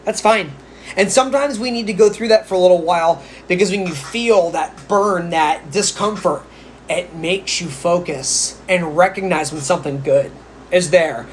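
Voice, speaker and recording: A man's voice: high voice, moderate pace, slight background noise. A psychic man giving casual spiritual advice on a live stream, chatty and rambling, with playful asides. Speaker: psychic medium.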